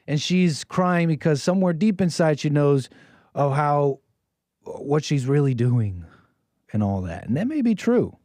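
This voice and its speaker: A man's voice: mid-range voice, dark tone, no room sound, clean studio sound. An American man giving rambling, preachy solo commentary, often repeating his phrases. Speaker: streamer commentator.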